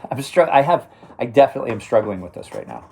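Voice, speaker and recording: This middle-aged man runs a knife review channel and chats loosely on a live stream, speaking fast at a medium pitch with huge swings in pitch. His voice is creaky and dark with a breathy edge, and he rambles, restarts his sentences, and chuckles along.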